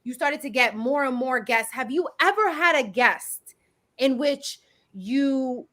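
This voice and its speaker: A woman's voice: high voice, lively intonation, a little slow, bright, forceful tone. A woman hosting an interview, enthusiastic and full of praise for her guest. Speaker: interview host. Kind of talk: casual interview chat.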